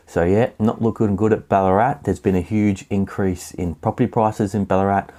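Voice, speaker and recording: A man's voice: low voice, steady tone, fairly quick, few pauses, warm tone. A man giving a solo property market update, reading out statistics steadily with occasional fillers. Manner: reads figures steadily, with fillers.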